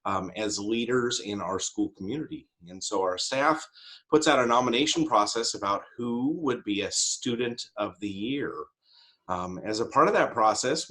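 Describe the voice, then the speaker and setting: A man leads a school award meeting over a video call. His voice sits at a middle pitch. He talks in a friendly, hesitant way, with lots of ums. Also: a bit bright, low-quality recording. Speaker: school administrator running the meeting. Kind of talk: hosting an online award meeting.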